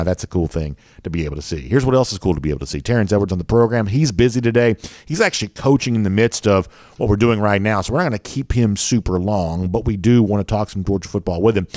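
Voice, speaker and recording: A man's voice: on the low side, expressive, fast talker, few pauses, no room sound, studio quality. A man with a Southern accent hosting a sports show, chatting casually and reading viewer comments with lots of fillers. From American South.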